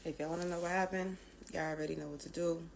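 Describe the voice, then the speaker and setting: A woman's voice: lowish voice, fairly even intonation, fast talker, creaky, slight background noise, poor audio. A woman telling a personal story straight to camera, candid and emphatic, with frequent rhetorical questions.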